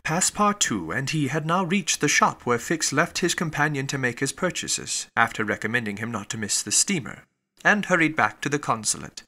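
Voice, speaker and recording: Bright, expressive male audiobook narrator. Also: medium pitch, moderate pace. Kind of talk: scripted narration.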